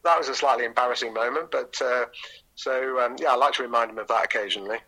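Bright-voiced middle-aged man telling stories. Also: mid-range voice, quick pace, breathy edge, rough recording. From England. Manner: rambling storyteller with frequent ums. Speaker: interview guest. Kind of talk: relaxed anecdotal interview.

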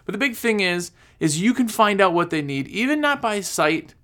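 A man's voice: high voice, very animated, normal speed, sharp tone. A man giving casual, rambling business advice, repeating himself and acting out his customers. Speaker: cleaning business coach. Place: recording on his phone.

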